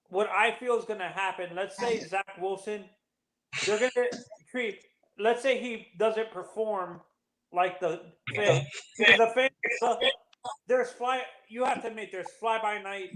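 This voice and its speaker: A man in a casual sports chat, building his point in halting starts and restarts. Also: high voice, fairly bright tone, roomy sound, a little hiss or hum, poor audio.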